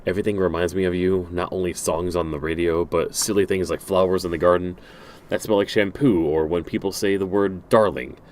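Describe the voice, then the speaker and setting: A game streamer plays through a game, reading its letters and messages aloud in a low, steady, darkish voice at a brisk pace. He stumbles and restarts often and drops dry asides.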